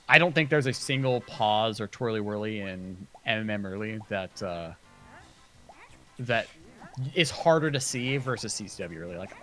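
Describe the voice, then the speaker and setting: A man casually commentating a speedrun race, chatty and quick, with plenty of fillers. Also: lowish voice, sharp tone.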